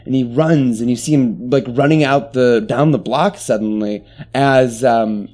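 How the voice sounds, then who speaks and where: A man's voice: mid-range voice, measured pace, darkish tone. A man narrating as game master in a tabletop game, rambling with frequent restarts. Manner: rambling, full of restarts and fillers.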